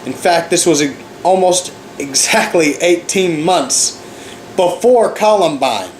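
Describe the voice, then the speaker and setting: A man's voice: on the high side, animated, slow pace, reverberant, slight background noise, low-quality recording. Sarcastic, profane ranting man vlogger. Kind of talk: ranting commentary.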